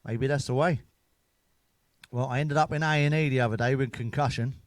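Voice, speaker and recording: A man's voice: medium pitch, steady tone, a little fast, dry recording. A middle-aged man telling jokes and stories in a blunt, sweary stand-up style. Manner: sweary, blunt, laughing at his own jokes. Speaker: stand-up comedian. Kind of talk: casual stand-up storytelling.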